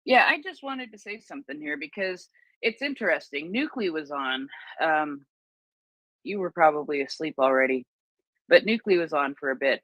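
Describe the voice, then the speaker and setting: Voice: mid-range voice, lively intonation, normal speed, fairly bright tone, no room sound, highs cut off. A co-host in casual live chat, retelling what others said, with many fillers and restarts.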